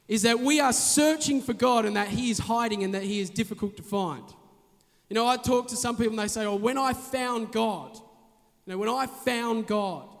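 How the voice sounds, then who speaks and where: High-voiced pastor in a reverberant hall. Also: male voice. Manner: storytelling, animated, shouts names. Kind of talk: sermon.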